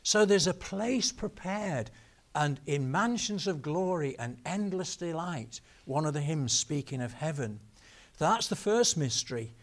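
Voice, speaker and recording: A man preaching a sermon, telling stories and slowing down to stress key words. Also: fairly high pitch, lively intonation.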